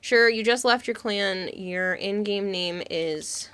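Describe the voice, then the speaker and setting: A woman chats casually on a live game stream and answers her chat as she goes. Her voice is bright and lively in tone. She rambles and laughs often. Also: medium pitch, takes it slowly, clean tone.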